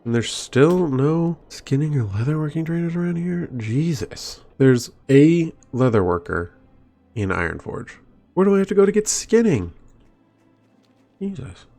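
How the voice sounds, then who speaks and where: A man's voice: fairly high pitch, animated, a little slow, dark tone. A man streaming a game, rambling and wondering aloud as he plays. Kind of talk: casual gameplay commentary. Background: faint game music.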